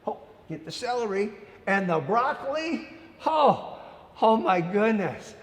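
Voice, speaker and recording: Animated man telling a children's story. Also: sits high, unhurried. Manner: animated, acts out the story with playful character voices. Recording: echoey room with long reverb.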